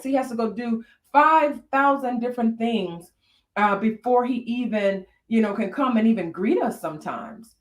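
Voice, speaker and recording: A woman's voice: a little high, lively intonation, moderate pace, reverberant. A woman co-hosting a candid conversation about marriage, telling personal stories. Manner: reflective, storytelling with frequent fillers. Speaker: podcast co-host.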